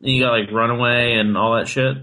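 A man's voice: medium pitch, steady tone, brisk, bright, forceful tone, low-quality recording. A man co-hosting a podcast in loose casual chat, swearing a lot and filling his talk with "like". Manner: loose, heavy swearing and filler "like". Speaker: podcast co-host.

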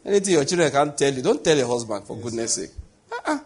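A man's voice: mid-range voice, very animated, quick pace, a little mellow. A man preaching a conversational sermon as a pastor, full of rhetorical questions.

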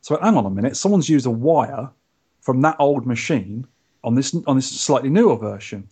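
Chatty man with a husky voice. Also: fairly quick. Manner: chatty storyteller, lively pitch. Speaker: podcast co-host. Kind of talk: casual chat.

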